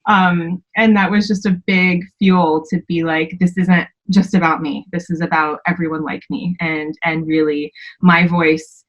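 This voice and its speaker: A woman in her twenties, a podcast guest, telling a personal story candidly, with many fillers and sharp rises when she quotes herself. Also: on the low side, flat delivery, measured pace, few pauses, lo-fi sound.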